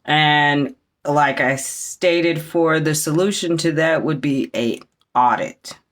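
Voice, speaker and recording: Slow halting speaker explaining accusations, mid pitch, lots of ums. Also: a bit bright. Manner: halting, with fillers and restarts.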